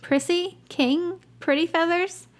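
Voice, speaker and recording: A woman's voice: fairly high pitch, lively intonation, moderate pace. A woman reading the lines of a guarded, lonely teenage boy wizard from a written story, in a voice close to her own. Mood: calling out. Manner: read aloud from a written story.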